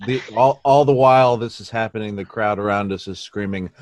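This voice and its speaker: A man's voice: fairly low pitch, a little fast, hardly any pauses, darkish tone. A man playing a tabletop game, describing his character's actions in a playful, theatrical way. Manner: playful, theatrical, hums and acts out crowds. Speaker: player.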